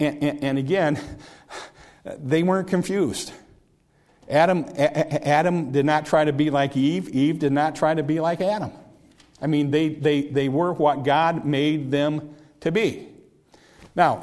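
A man's voice: a little high, a little mellow. A man preaching a sermon in a conversational way, often repeating words and restarting his sentences.

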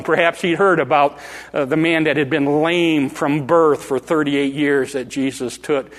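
An older man preaching a sermon, dramatic and animated, acting out voices from the story. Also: fairly high pitch, long reverb tail. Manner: dramatic, acts out the crowd and beggar in rising calls.

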